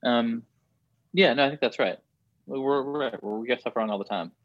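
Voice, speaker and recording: A man's voice: medium pitch, normal speed, no room sound, muffled recording. A man, a journalist guest, talking thoughtfully in a casual interview and filling his speech with "like.". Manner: thoughtful, hedging, lots of "like".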